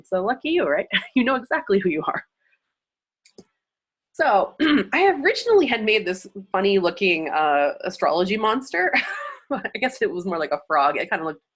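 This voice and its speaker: A woman teaching from slides in a chatty, casual way, laughing often and jumping up in pitch for emphasis. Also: a bit bright. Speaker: astrology teacher. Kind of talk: casual slide-based lesson.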